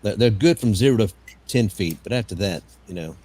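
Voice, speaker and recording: A man's voice: fairly low pitch, expressive, brisk, noisy background. A man from the southern United States chatting casually, joking and swearing, often repeating his words. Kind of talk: casual chat.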